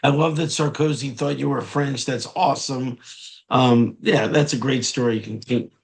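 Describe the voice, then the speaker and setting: A man's voice: medium pitch, steady tone, normal speed, vocal fry. A man hosting an interview, enthusiastic and encouraging toward his guest. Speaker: host, interviewer. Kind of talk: casual interview.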